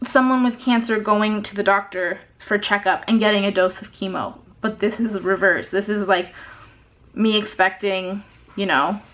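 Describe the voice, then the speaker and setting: A woman's voice: medium pitch, a bit bright. A young woman in her twenties, ranting to camera in an unscripted vlog about a frustrating phone call. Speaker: vlogger.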